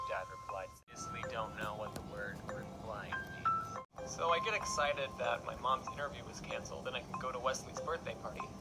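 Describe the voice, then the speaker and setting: A man's voice: medium pitch, poor audio. A man reading aloud a story he wrote as a child and joking about it between lines, with a wry, mock-dramatic reading of the quotes. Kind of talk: comedic reading with commentary. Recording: loud background music. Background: loud music.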